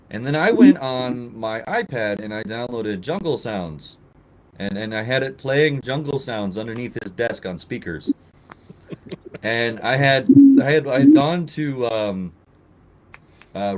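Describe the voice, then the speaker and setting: A man's voice: mid-range voice, a little hiss or hum, rough recording. A man telling a swearing, laugh-filled story in casual chat, acting out the people he quotes. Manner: animated, laughs often, acts out quotes. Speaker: podcast co-host telling a story.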